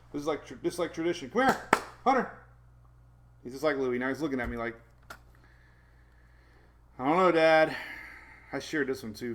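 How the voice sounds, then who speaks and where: Gravelly, chatty weather host. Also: male voice, mid-range voice, fairly bright tone, a little hiss or hum. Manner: rambling, reads out viewer names and talks to his puppies. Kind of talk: casual live-stream chat.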